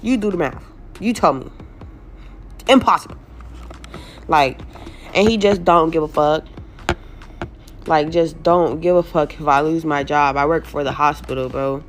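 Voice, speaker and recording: A woman's voice: low voice, measured pace, long pauses, a little hiss or hum. Exasperated young woman venting, swearing. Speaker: single mother venting in a clip. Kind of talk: emotional social media vent.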